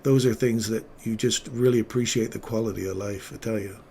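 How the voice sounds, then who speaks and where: A man's voice: lowish voice, steady tone, fairly quick, vocal fry, mellow, slight background noise. Earnest man telling an emotional story. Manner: earnest, emotional storytelling, drops to near-whisper at tender moments. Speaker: livestream trading host, former paramedic. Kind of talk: casual livestream chat.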